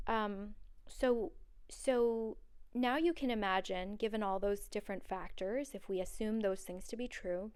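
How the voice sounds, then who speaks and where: A woman's voice: medium pitch, smooth. A woman hosting a solo podcast, talking in an earnest, personal and rambling way with many fillers. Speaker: podcast host. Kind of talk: solo podcast monologue on dreams.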